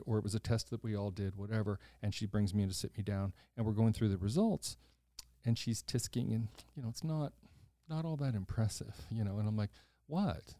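In clean, dry studio audio, a podcast host, an older man with a mellow and fairly low voice, shares a story conversationally. He's blunt, drops swear words casually, and brings quoted people to life by performing their voices.

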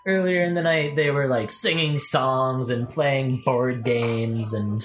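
A woman running a tabletop game as game master, describing scenes in a relaxed, unhurried way with plenty of fillers. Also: very deep voice, soft background music.

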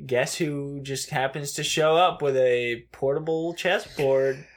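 A man in casual podcast chat, recapping a film in a jokey, animated way and slipping into silly impressions. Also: fairly high pitch, slow pace.

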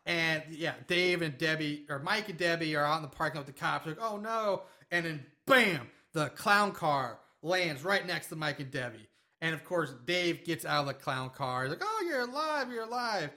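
Male podcast host, bright and a bit high, rambling profane recapper. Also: moderate pace. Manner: rambling, profane, jokey storytelling. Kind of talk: casual movie recap chat.

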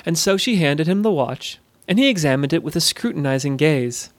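A man's voice: a little high, expressive, a little fast, dry recording. Man narrating a storybook, dry close sound. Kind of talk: scripted narration.

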